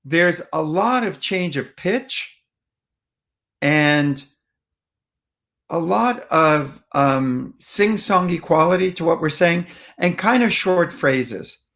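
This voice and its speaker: Fairly high-pitched man explaining patiently. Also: expressive, takes it slowly, gravelly, fairly bright tone. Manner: patient, plainspoken, frequent ums and restarts. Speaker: parenting communication speaker. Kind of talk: explanatory talk.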